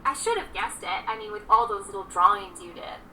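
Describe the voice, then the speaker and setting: A woman's voice: medium pitch, expressive, a little fast, pushed and bright, a little hiss or hum. An actress voicing an eager young woman who gushes and stammers as she meets her old neighbor. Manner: gushing, stammering. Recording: distant, with clear music.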